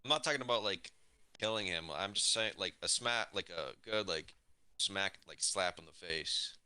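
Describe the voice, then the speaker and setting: A man's voice: deep voice, normal speed, pushed and bright, clean tone, dry recording. A man playing a tabletop role-play game, chatting casually with lots of fillers. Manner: casual, says "like" a lot. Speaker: player.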